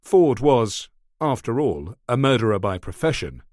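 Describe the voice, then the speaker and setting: Steady male audiobook narrator. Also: medium pitch, a little slow, no room sound, studio quality. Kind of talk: scripted narration.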